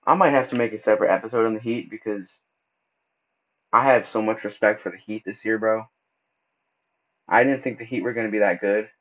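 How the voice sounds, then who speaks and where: A man hosting a casual solo podcast, talking loosely and stumbling over words as he goes, with relaxed slang. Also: fairly low pitch, a little fast, pauses often. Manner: casual, stumbles and restarts often; laid-back slang like bro and dude. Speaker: podcast host. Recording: dull lo-fi recording.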